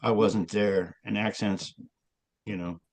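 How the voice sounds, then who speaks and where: A man with a gravelly, creaky voice speaks as a guest in a casual interview. He wanders from point to point and fills gaps with many ums and restarts. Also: lowish voice, steady tone, takes it slowly, a little mellow. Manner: rambling, with many fillers and restarts.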